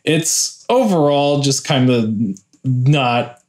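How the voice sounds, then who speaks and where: Man, podcast panelist, relaxed and lukewarm, mid-pitched. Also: takes it slowly. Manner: laid-back, hesitant, lukewarm. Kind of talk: casual podcast discussion.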